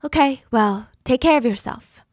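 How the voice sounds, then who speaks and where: Menacing male attacker, curt and flat, a woman reading him in her own fairly high voice; dry, close sound. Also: normal speed, no echo, natural voice.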